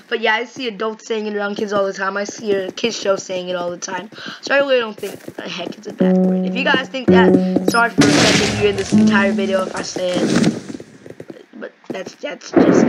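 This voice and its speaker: A woman chatting casually and rambling excitedly while playing a game. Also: medium pitch, normal speed, over loud music. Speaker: gaming video host. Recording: noisy home mic recording.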